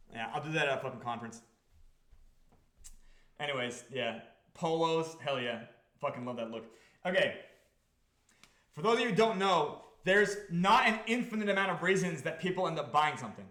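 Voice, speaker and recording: A man with a high, bright voice hosts a live stream, talking fast and loose to chat. He swears freely and keeps checking that his listeners follow him. The echo of the room around him carries on the recording. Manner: animated, profane, repeats himself, keeps asking the audience if they follow. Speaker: crypto project founder hosting a live stream.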